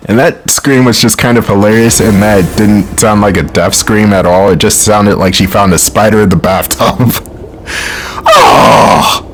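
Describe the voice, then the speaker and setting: A man's voice: fairly low pitch, steady tone, normal speed, a little hiss or hum. A man hosting a let's play, giving casual, joking gameplay commentary full of rambling tangents.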